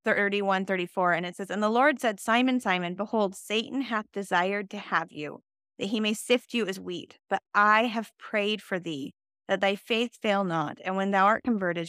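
A woman and mother co-hosting a faith podcast, talking in an earnest and animated way. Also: on the low side, no room sound, clean studio sound. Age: adult with children. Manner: earnest, animated, laughs while telling stories. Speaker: podcast co-host.

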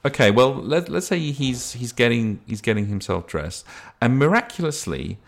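A man's voice: mid-range voice, big pitch swings, normal speed, creaky. A man running a tabletop game as game master, narrating in a rambling, self-correcting way.

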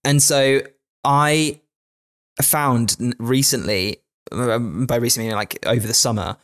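English guy cohosting a podcast, mid pitched, rambly and jokey, lots of ums. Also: slow pace, a bit bright. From England. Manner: chatty, jokey, lots of fillers and restarts. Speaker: podcast co-host. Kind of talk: casual chat. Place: indoor podcast recording. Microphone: podcast microphone.

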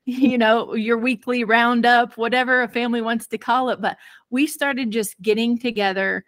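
A woman guest in an interview, telling a personal parenting story in an earnest, expressive way and laughing easily. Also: a little high, normal speed, no room sound.

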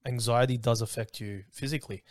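A man's voice: medium pitch, steady tone, brisk, no room sound. A man hosting a casual podcast interview, offering short, supportive replies to his guest. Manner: supportive, brief affirmations. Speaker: podcast host.

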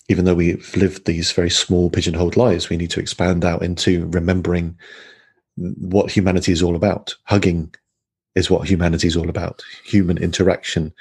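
A man with a very low, flat voice, gravelly and husky. He speaks, hesitant and full of fillers and restarts. The talk is a casual spiritual conversation. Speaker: podcast guest.

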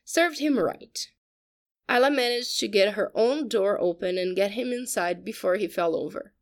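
A woman narrating a story in a steady, even audiobook style. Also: mid-range voice, moderate pace.

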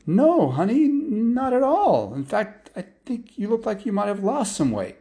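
A man voicing a panicky father with a high, strained squeal as he tells a spoken story. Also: big pitch swings, normal speed, dark tone. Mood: soothing. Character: panicky middle-aged dad, shrieking in alarm.

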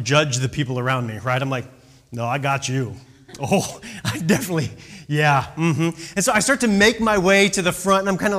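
A man's voice: high-pitched, a bit bright. A man telling a story in a casual, chatty way, full of fillers and "right?" asides.

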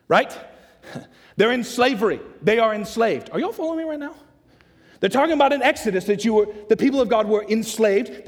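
A man preaching a sermon, acting out the questions and answers of the story with lively energy. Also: sits high. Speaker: pastor. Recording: long hall reverb.

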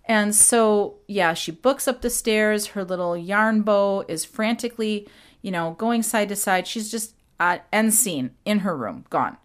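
A woman hosting a podcast, retelling a story casually with animated, quick impressions. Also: mid-range voice. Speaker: podcast host.

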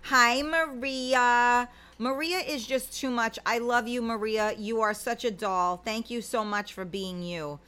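A woman's voice: fairly high pitch, moderate pace, few pauses, fairly bright tone, smooth. A middle-aged woman, chatting casually as a livestream host and reading out viewer comments, rambling with many fillers.

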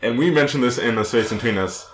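A man's voice: mid-range voice, fast talker, a little hiss or hum. A man co-hosting a casual movie review chat, rambling and correcting himself often, laughing as he talks. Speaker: podcast co-host. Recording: roomy echo.

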